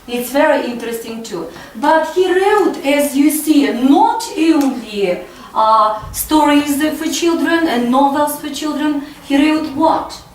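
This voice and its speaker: A woman's voice: sits high, slow, few pauses. A woman teaching English to a class, coaxing pupils with repeated questions. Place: school classroom. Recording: echoey classroom, far-off mic.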